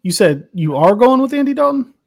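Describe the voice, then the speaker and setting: A man's voice: very high voice, big pitch swings, a little fast, gravelly, no echo, studio quality. A man co-hosting a casual sports podcast, swearing freely and working himself up as he rants about football fans. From Cincinnati area. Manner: profane, worked-up ranting. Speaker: podcast co-host.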